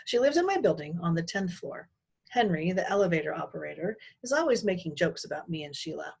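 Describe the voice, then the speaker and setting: Husky woman reading a storybook aloud. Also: lowish voice, a little fast. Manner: expressive, animated storytelling. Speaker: teacher.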